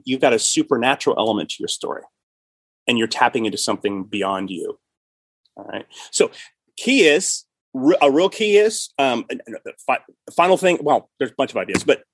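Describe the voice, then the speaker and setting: A middle-aged man hosting a podcast, talking in a lively, loose way that keeps doubling back on itself. His voice is husky and a little breathy. The sound is dry and close, with no room echo. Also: medium pitch. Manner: animated, restarts and repeats often. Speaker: podcast host and writer. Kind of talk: casual chat.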